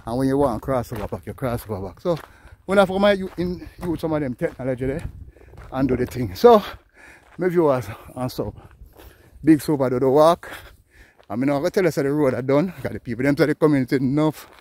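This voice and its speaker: A man's voice: medium pitch, fairly quick, no room sound. A Jamaican man chatting casually in patois as he walks a hillside road for his vlog, rambling and calling out greetings. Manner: lively, rambling patois talk, calls out greetings to passers-by. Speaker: vlogger. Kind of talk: casual walking vlog chat.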